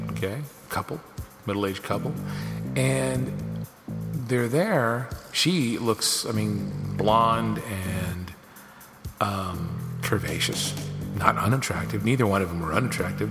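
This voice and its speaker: A low-voiced man hosts his podcast from his office, telling a story in an animated, casual way. He acts out other people's lines as he goes. The room has a long ringing reverb, and music plays clearly underneath. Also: slow. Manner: animated, acts out quoted dialogue. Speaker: podcast host. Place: home office studio.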